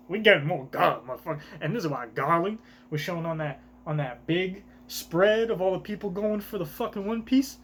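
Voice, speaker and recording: A man streaming a live reaction, with excitable, profane, rambling commentary. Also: high-pitched, normal speed, few pauses, a little hiss or hum.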